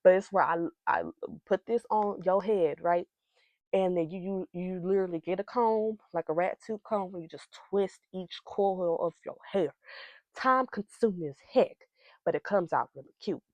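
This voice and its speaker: A woman's voice: fairly low pitch, normal speed, no room sound, muffled recording. A young woman chatting casually to her viewers in a makeup vlog, hyper and giggly, rambling from one thing to the next. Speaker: beauty vlogger. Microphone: wireless receiver mic.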